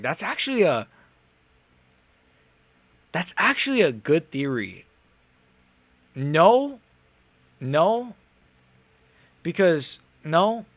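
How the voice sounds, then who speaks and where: A man's voice: a little high, fairly bright tone, no echo. A young man hosting a live stream, reacting in casual, rambling talk, frustrated and swearing. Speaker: livestream host.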